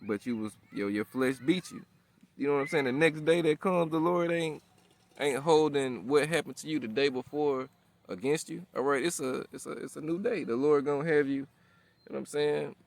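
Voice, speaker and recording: A man's voice: on the high side, normal speed, vocal fry. A man in his thirties giving a loose, casual sermon in a slangy, profane way, constantly asking "all right?" and "you know what I'm saying?". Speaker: preacher. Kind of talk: casual street-style sermon.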